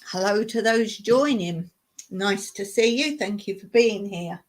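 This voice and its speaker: Slow-talking woman hosting a chatty livestream. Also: mid-range voice. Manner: chatty, explains slowly and repeats words. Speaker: livestream host. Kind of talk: casual livestream chat. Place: home in rural Cyprus.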